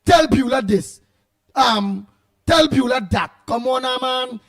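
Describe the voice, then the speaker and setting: A Trinidadian man hosts a call-in radio show in a strikingly high voice. He talks with emphatic force, often near a shout, as he fields callers. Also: lively intonation, takes it slowly. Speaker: radio talk show host.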